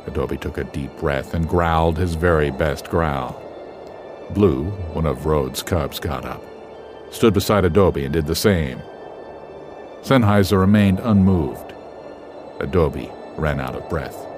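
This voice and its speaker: A man narrating an animal fable in a measured, expressive storytelling voice. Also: extremely low pitch, soft background music.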